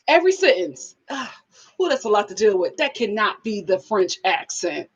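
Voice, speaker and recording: A woman's voice: a little high, moderate pace, slightly rough, highs cut off. A woman hosting a live review stream, chatting casually with viewers and reading their comments aloud in a playful way with frequent laughs. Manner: animated and playful, laughs often.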